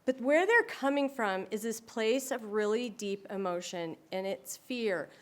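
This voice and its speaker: A woman's voice: on the high side, a little slow, few pauses. A woman presenting to an audience, telling stories animatedly and acting out other people's voices. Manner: animated storyteller who acts out quoted voices. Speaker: speaker on dementia care.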